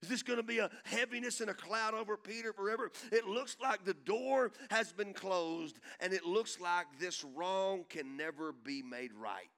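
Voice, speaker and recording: Middle-aged male pastor, slightly high and bright, dramatic preaching that jumps from quiet to loud. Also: normal speed, few pauses. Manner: dramatic preaching, acting out voices, sudden loud swells. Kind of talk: sermon.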